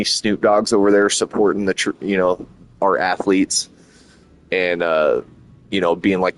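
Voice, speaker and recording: A man streaming and chatting casually, rambling and swearing a lot as he gets excited. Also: low-pitched. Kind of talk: casual chat.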